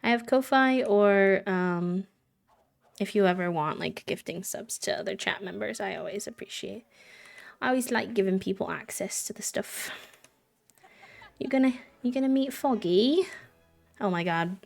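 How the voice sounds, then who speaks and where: A woman's voice: medium pitch, moderate pace, creaky. A woman live-streaming a game, chatting casually, giggling and cooing fondly at the characters. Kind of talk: casual chat while playing a life-sim game.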